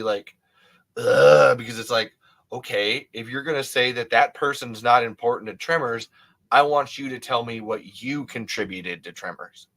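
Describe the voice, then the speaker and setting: A man's voice: mid-range voice, sharp tone. A man in his thirties hosting a casual livestream, rambling emphatically with many restarts and frequent swearing. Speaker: livestream host.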